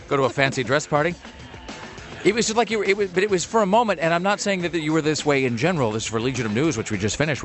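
A fast-talking man hosting a radio show, wry and rambling, full of ums and asides. Faint music sits under his voice. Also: mid-range voice, a bit bright. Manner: rambling, wry, many fillers. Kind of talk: casual radio banter.

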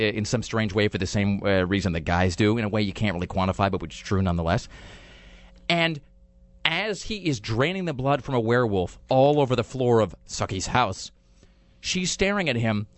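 Brief: male podcast host, mocking and sarcastic, very animated pitch, casual rambling. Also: no echo. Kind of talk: casual chat.

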